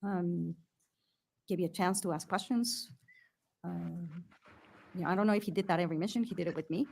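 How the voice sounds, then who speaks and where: Halting woman giving testimony. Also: on the low side, fairly even intonation, creaky, darkish tone, husky. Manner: hesitant, halting, many fillers. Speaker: witness at a hearing.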